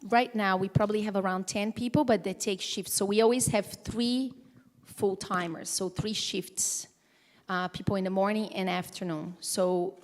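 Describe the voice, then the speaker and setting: A woman gives a live presentation in a conference hall, telling her story in a loose, conversational way with frequent fillers and restarts. Her voice sits at an ordinary middle pitch, and a long reverb trails each phrase through the large room. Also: steady tone, moderate pace.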